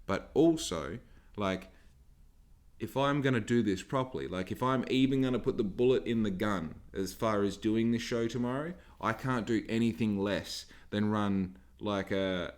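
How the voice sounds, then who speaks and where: Swearing Australian man, low voice. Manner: profane, rambling, emphatic. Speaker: podcast host. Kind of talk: solo podcast monologue. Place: home.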